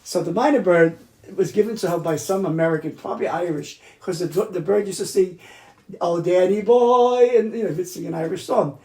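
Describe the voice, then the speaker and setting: A man's voice: sits high, fairly quick, a little mellow. An older man from New City, telling chatty, profane family stories in a casual interview at home. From New York City. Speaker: interviewee, accordion player. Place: home room in Queens. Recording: roomy room echo.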